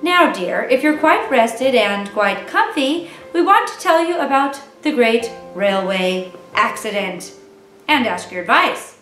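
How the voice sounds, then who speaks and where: A woman reading aloud, voicing a gentle, slightly fussing mother in a children's story. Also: on the high side, big pitch swings, a little slow. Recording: roomy, distant mic with faint music.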